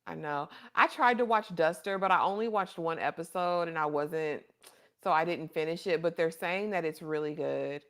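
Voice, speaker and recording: A woman's voice: low voice, moderate pace, a bit bright. A woman hosting a casual livestream, chatting and reading viewer comments in an affectionate, chatty way. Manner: chatty and affectionate, calls viewers honey and baby. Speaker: livestream host.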